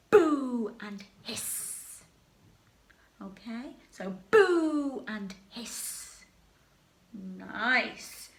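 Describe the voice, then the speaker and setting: Slow, playful woman leading drama game. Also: medium pitch, pushed and bright. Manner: slow, clear, playful with character voices. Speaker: drama workshop leader. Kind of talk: leading a call-and-response game. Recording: echoey room.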